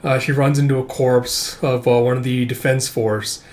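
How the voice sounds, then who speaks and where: A man's voice: medium pitch, flat delivery, normal speed, a little mellow. A man hosting a comic read-through channel, talking casually and rambling, with lots of fillers and some casual swearing. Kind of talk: casual reading commentary.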